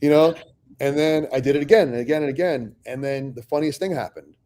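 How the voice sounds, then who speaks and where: A man's voice: fairly high pitch, a little fast, dark tone. A middle-aged man telling his own business story in a casual, profane way, acting out both sides of past conversations. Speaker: real estate investor telling his story.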